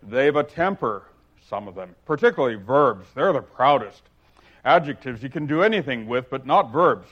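A man voicing a pompous, scornful talking egg, with loud, lordly emphasis. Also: mid-range voice, expressive, moderate pace, slightly rough. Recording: dull lo-fi recording.

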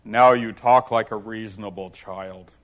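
A man voicing a pompous, scornful talking egg, with loud, lordly emphasis. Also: lowish voice, fairly even intonation, a little slow, natural voice. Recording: dull lo-fi recording.

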